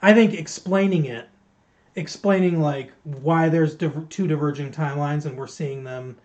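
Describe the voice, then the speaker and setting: A man's voice: fairly high pitch, normal speed, darkish tone. A man co-hosting a podcast, reviewing a film in rambling, joking casual chat and teasing his co-host. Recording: muffled lo-fi stream audio.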